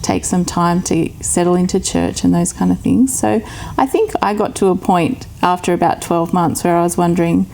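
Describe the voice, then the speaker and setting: A gravelly Australian woman reflects on her answers during an interview. Her voice is low and mellow, and a faint noise sits underneath it. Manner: reflective, measured. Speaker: returned missionary.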